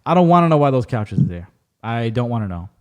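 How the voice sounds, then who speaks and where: Podcast host guy, mid pitch, animated storyteller, swears a lot, casual chat. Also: fast, lo-fi sound.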